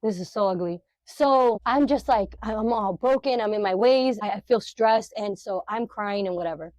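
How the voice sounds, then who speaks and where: A middle-aged woman sharing a personal testimony as a podcast guest. She talks in an animated, emotional way with lots of fillers, at a medium pitch. The sound is dry and close. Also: normal speed, no room sound.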